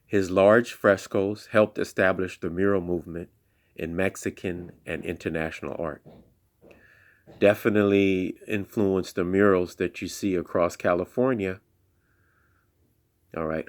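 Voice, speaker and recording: A man telling a playful story in a slow, hushed, deliberate way, with call-and-response chants. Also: low voice. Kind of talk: spoken children's storytelling.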